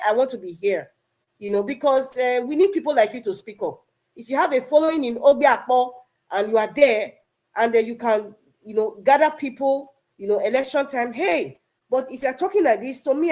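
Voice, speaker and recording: A woman's voice: a little high, darkish tone. A woman speaking earnestly in a live online audio discussion, often repeating herself and calling out to people by name. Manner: earnest, repetitive, addresses people directly. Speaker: online political discussion participant.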